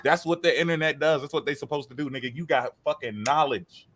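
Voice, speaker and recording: Brief: male podcast co-host, casual and profane, lively storyteller who plays out quotes. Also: on the high side, fast, a little hiss or hum. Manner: animated, profane, acts out quoted voices. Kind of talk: casual chat.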